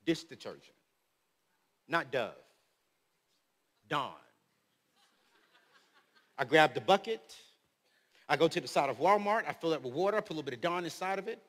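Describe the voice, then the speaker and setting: A man in his thirties preaching to a crowd in a lively, joking way, his voice rising loud and dropping soft. His voice is high and bright. It rings with long reverb from a big hall. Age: 30s. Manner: animated storytelling, swings between loud and soft; humorous, slangy. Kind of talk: motivational speech.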